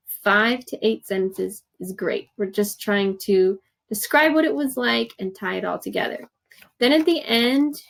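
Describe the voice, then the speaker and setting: A woman's voice: fairly high pitch, gravelly, rough recording. A woman teacher giving patient step-by-step instructions for a writing assignment in a recorded remote lesson. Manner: patient, encouraging, explains step by step with examples. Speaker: third grade teacher.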